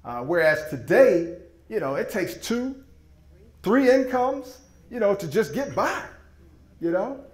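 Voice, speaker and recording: A fairly high-pitched man pitches to a room with a lively, swooping delivery. He is emphatic and folksy, and his voice bounces around an echoey meeting room. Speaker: presenter. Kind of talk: sales presentation with slides.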